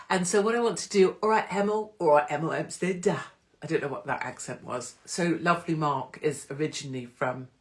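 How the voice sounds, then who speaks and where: A middle-aged woman hosting a casual live-stream chat on her phone, teasing and greeting viewers by name. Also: deep voice. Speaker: host of a live online pub show. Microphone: phone livestream.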